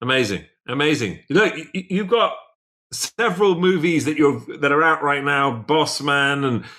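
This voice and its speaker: Bright, upbeat male co-host. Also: fairly high pitch, animated, moderate pace. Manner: upbeat, teasing. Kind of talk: casual interview chat.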